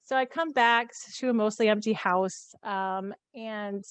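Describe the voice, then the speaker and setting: A woman's voice: medium pitch, a little slow, clean tone, no echo. A woman, a podcast guest and coach, telling a personal story in a casual interview, earnest and emotional, with light laughs between phrases. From American Midwest.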